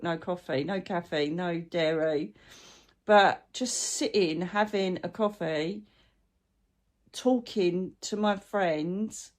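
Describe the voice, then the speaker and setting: A woman hosts her own vlog and chats in a loose, rambling way. She tells everyday stories with heartfelt gratitude while coping with a chronic illness. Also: medium pitch. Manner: chatty, rambling, warm-hearted anecdotes. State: chronic illness, brain fog. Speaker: spiritual channel host. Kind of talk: casual heartfelt vlog chat.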